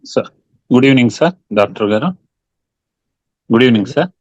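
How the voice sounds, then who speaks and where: A man's voice: mid-range voice, animated, moderate pace, a little mellow, dry recording, lo-fi sound. A man asking a question in an online lecture, very polite and repeatedly deferential, over a video call. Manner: very polite, repeatedly saying sir. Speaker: audience member asking a question.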